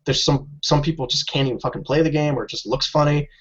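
Man, rapid chatter, slightly high voice, ranting gamer talk, muffled lo-fi audio. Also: breathy edge, faint music behind. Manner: ranting, animated, swears freely. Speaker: podcast co-host. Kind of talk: casual gaming chat. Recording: dull lo-fi audio.

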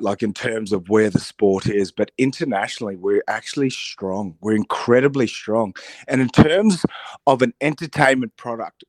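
A husky man whose voice is roughened by a cold, co-hosting a radio show. He rambles in an animated way and often restarts his sentences. His pitch is mid-range, and the sound is dry and close. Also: no echo. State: recovering from a cold. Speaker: radio co-host. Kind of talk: casual radio chat.

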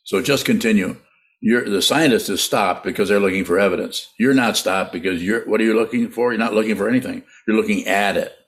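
Man, low voice, meditation teacher, halting, repeats words, laughs often. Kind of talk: live online teaching, answering questions.

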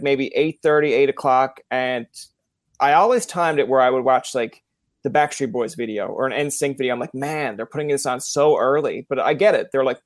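A man's voice: medium pitch, no echo. A man with a Newfoundland accent hosting a casual interview, rambling through chatty stories and slipping into playful quoted voices. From Newfoundland, Canada. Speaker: podcast host.

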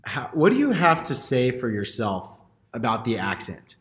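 Teasing podcast host, echoey room. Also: male voice, mid-range voice, wildly swooping pitch, normal speed, a bit bright. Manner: upbeat, teasing. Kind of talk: casual podcast banter.

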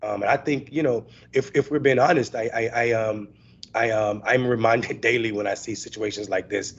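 A man's voice: fairly low pitch, fairly even intonation, normal speed, slightly rough, lo-fi sound. A man serving as guest co-host, giving earnest commentary and often stopping to restart his sentences. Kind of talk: casual commentary.

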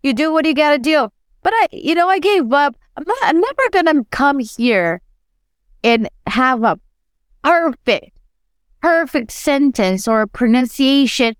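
A woman who is not a native English speaker, co-hosting a podcast and telling stories in an animated, self-deprecating way. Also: high voice, a little slow, no room sound, studio quality. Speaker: podcast co-host. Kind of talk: casual podcast conversation.

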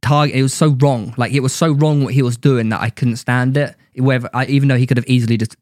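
A man's voice: mid-range voice, fast, dry recording, studio quality. A young English man telling a story in casual chat, acting out what others said. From England. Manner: animated storyteller, acts out quotes. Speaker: guest.

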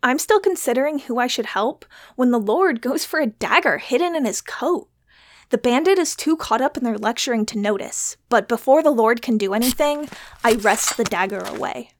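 A woman's voice: on the high side, lively intonation, moderate pace. A woman narrating an adventure story in first person, wry and playful. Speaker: narrator and player character.

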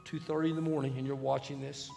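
A male pastor preaching a sermon, emphatic and swelling to shouts. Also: medium pitch, level tone, fast talker, vocal fry. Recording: long hall reverb with faint music.

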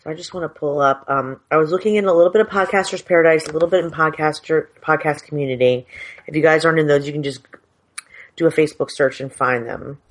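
A podcast co-host talks quickly in a low-pitched voice, chatting frankly and rambling over a video call. She's using a headset mic for the casual conversation.

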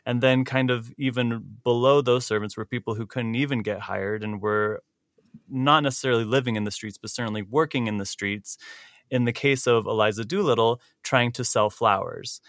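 Bright, animated male podcast host. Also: normal speed, dry recording, clean studio sound. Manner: animated, laughs often, big pitch jumps. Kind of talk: casual podcast chat.

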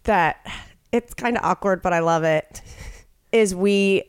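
A woman's voice: on the low side, a little slow, clear, resonant tone, dry recording, clean studio sound. A woman co-hosting a podcast, telling stories in a casual chat. She swears freely and acts out what other people said. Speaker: podcast co-host.

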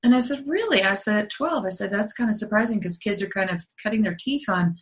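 A woman's voice: mid-range voice, fast. A middle-aged woman, a guest author, talking earnestly in a casual interview with many restarts. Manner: earnest, explains at length, trailing restarts.

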